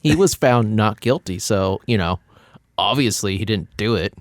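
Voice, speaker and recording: A man's voice: on the low side, lively intonation, normal speed, dry recording, clean studio sound. A man co-hosting a podcast, bantering casually and teasing his partner wryly. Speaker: podcast co-host. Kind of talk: casual chat.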